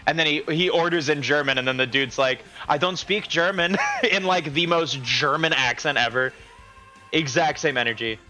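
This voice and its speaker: A man's voice: mid-range voice, moderate pace, bright, forceful tone, faint music behind, rough recording. A man chatting casually while cooking on a live stream from his home kitchen, rambling, laughing often and restarting his sentences.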